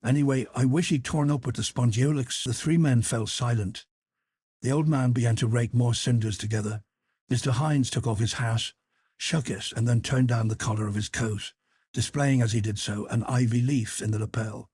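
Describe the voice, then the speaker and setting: A man reading classic literary fiction aloud as an audiobook narrator, measured and even. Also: medium pitch, husky, dry recording, studio quality.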